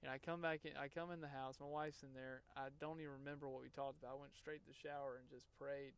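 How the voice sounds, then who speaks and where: A man hosts a podcast and recounts a personal story in a casual monologue. His voice is gravelly but smooth and resonant, and his pitch stays fairly flat. He talks in an earnest, emotional way, halting and restarting often. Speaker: podcast host.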